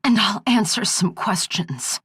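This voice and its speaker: A woman voices a defiant captive female agent, using a full character voice pitched above her own, mid-range, bright-ish and husky. The delivery is animated and unhurried, strained and defiant, recorded dry at studio quality.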